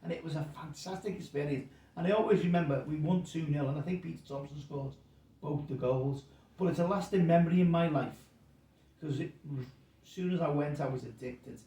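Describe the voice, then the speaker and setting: A man's voice: a little high, brisk, dark tone. A man, telling an anecdote in a rambling, self-correcting way and acting out the quotes. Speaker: guest storyteller. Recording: roomy sound, distant mic.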